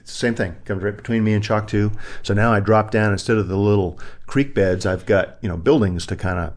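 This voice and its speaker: This middle-aged man, a retired army pilot, has a lowish voice and talks fairly quickly. In an interview he tells war stories with animation, imitating other people's voices as he goes.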